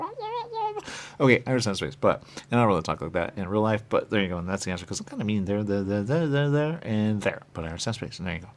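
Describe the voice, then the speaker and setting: A man hosting a radio show, talking in a rambling, repetitive monologue with muttered asides and sudden loud bursts. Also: fairly low pitch. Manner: repetitive, playful, muttering asides, wide swings in loudness. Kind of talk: rambling stream-of-consciousness monologue.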